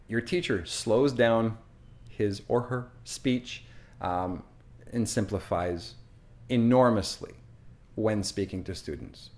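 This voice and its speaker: A Canadian man with a Canadian accent, teaching English in a deliberate, chatty way with frequent fillers. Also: on the low side. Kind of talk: slow, clear teaching monologue.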